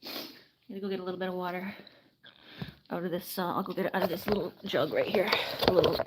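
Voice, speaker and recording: A woman's voice: on the low side, fairly even intonation, quick pace, a little mellow, slight background noise, low-quality recording. A woman chatting through caring for an injured bird, coaxing and soothing it as she goes. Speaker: animal caretaker. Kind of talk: casual vlog narration. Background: dog barking.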